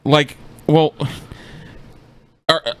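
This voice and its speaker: A man's voice: fairly high pitch, flat delivery, extremely slow, clean tone. A man in casual chat with friends, wryly questioning and dismissing a clip. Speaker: podcast co-host. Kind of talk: casual chat reacting to clips.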